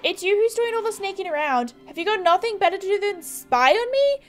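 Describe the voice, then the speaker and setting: A woman's voice: very high voice, sing-song, a little fast, soft background music, voice pushed up. A woman voicing a snooty, jumpy new teen girl at a stable in a horse game, defensive and boastful, reading the game's lines aloud. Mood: startled.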